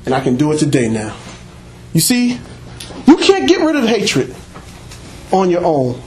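A man preaching a sermon, animated, breaking into shouts and laughter and acting out little dialogues for the congregation. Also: fairly high pitch, a little slow. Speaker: pastor. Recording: very echoey room, faint background noise.

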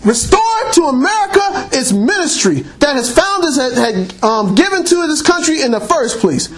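A man's voice: very high-pitched, normal speed. A man preaching a sermon, exhorting and retelling scripture stories with playful mockery. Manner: animated storytelling, mocking, exhorting.

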